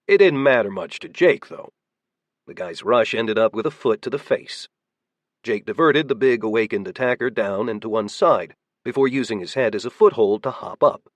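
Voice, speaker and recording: A male audiobook narrator telling a fight scene in a brisk, animated way. His voice is husky with lively swings in pitch, and the recording is dry and close. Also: dry recording. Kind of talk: scripted action narration.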